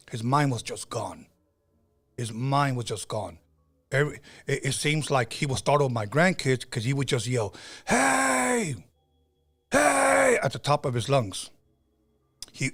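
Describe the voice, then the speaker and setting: A middle-aged man hosting a podcast, telling stories in a casual, conversational way with frequent fillers and restarts. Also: medium pitch. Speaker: podcast host.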